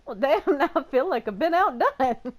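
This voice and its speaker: A woman's voice: high voice, animated, moderate pace. A woman voicing a brash, crude, teasing friend in a told story. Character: cheeky, loyal friend who teases.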